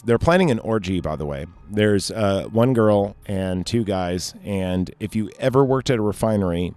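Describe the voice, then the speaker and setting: A man's voice: on the low side, darkish tone. A man casually recapping a movie, rambling and joking, with lots of fillers and swearing. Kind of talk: casual chat.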